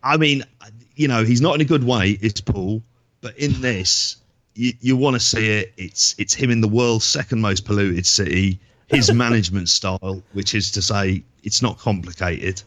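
A man's voice: on the low side, moderate pace, fairly bright tone, no room sound. A man co-hosting a podcast, telling rambling stories in casual chat and swearing freely. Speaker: podcast co-host.

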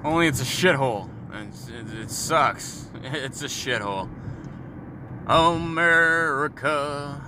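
A man's voice: mid-range voice, lively intonation, moderate pace, few pauses. Brief: Canadian guy in his thirties, foul-mouthed, joking vlog rant recorded while driving, car noise behind. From Sault Ste. Marie, Ontario, Canada. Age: 30s. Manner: crude, mocking, joking with profanity. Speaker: vlogger. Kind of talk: profane ranting monologue. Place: in a moving car.

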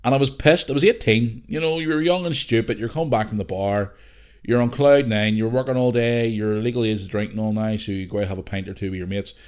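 Sweary Northern Irish man, low voice. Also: fast, darkish tone. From Northern Ireland. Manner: swears a lot, rambling storytelling. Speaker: podcast host. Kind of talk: casual chat.

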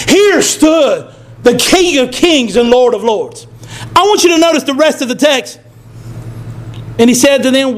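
A man preaching a sermon as pastor of his church, building to shouts and drawing call-and-response. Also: very high voice. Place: church sanctuary.

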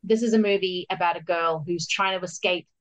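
A woman hosting a casual film podcast, chatty and quick to agree. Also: fairly low pitch, fairly even intonation, low-quality recording. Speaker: podcast host.

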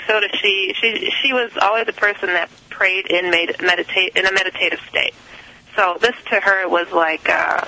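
A man's voice: high voice, vocal fry, sharp tone, poor audio. A man telling a story in a rambling, casual way, with many fillers and restarts. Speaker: guest.

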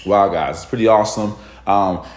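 A man leading a casual morning Bible study, chatty and loose, often stumbling over his words and bursting into excited exclamations. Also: lowish voice, normal speed, echoey room. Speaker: devotional leader.

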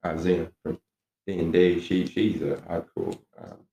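Podcast co-host: very deep, gravelly man, casual and jokey, echoey room. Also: steady tone, unhurried, mellow. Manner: loose, swearing, jokey. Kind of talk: casual chat.

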